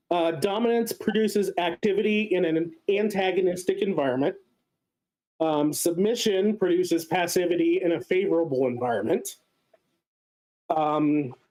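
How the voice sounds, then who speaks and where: A man with a fairly high voice walks listeners through a theory in a casual lecture. He talks in a loose, explanatory way and fills his pauses with ums and uhs. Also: a little mellow, low-quality recording. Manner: explanatory, many filler sounds. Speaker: guest speaker.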